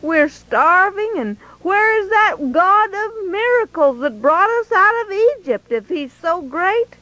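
A woman's voice: very high voice, expressive, slow pace, pushed and bright, no echo, voice pushed up, heavily acted, poor audio. A woman voicing a humble, frightened young Israelite farmer who stammers and pleads in a storybook telling. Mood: anguished.

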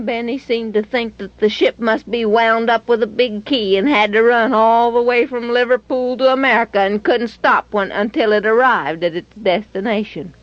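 A woman narrating a children's story in a lively, expressive way. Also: a little high, no echo. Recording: dull, dry lo-fi recording.

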